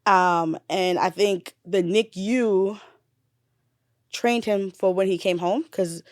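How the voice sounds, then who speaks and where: A young adult woman, a mother, candidly telling her story in a casual interview, animated, with blunt slang and swearing. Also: mid-range voice, slow pace, no room sound, clean studio sound.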